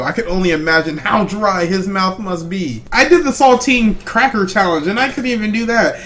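A young man hosting a casual reaction video, jokey and animated, laughing often and calling the viewer bro. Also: sits high, slight background noise.

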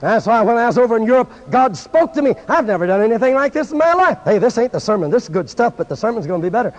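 Preaching very fast in a high, sing-song voice, an evangelist exhorts a gathering of preachers with fervent exclamations, occasionally shifting into French. The dull lo-fi archive audio comes from a reverberant large church or conference hall.

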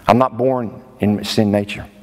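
A man's voice: fairly low pitch, fairly even intonation, a little slow, a little mellow, big-room sound. A male preacher delivering a sermon in an emphatic way, often exclaiming in disbelief. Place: church sanctuary.

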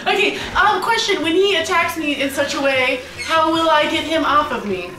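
A young woman playing a video game with friends, excitable, laughing and shrieking often. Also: high voice, normal speed, background noise. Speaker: let's play gamer. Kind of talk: casual gaming chat. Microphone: headphones, room mic. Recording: echoey room, far from the mic.

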